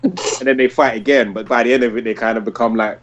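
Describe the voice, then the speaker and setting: A man's voice: mid-range voice, fairly even intonation, fast, muffled recording. A man in his thirties hosting a casual podcast, talking with enthusiasm and rambling through many restarts and likes. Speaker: podcast host. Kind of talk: casual podcast review chat.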